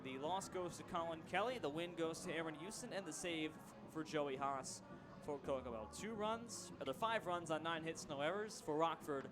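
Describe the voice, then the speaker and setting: A man's voice: a little high, animated, normal speed, over music. A young man doing play-by-play on a baseball radio broadcast, reading final stats and signing off with dry sarcastic humor from a ballpark booth. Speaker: play-by-play announcer. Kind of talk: sports radio sign-off.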